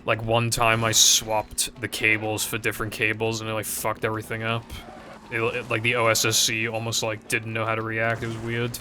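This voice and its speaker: Rambling young man streaming, bright voice. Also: on the low side, completely flat delivery, moderate pace, soft background music. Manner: rambling, hesitant, swears casually. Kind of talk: casual live-stream chat to viewers.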